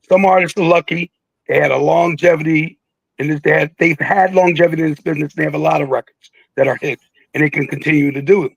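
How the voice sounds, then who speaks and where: Gravelly, high-voiced older man. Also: dry recording, low-quality recording. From Philadelphia. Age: 60s. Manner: animated, jokey, acts out quotes with big voice jumps. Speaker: guest, veteran rapper. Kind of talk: casual storytelling interview.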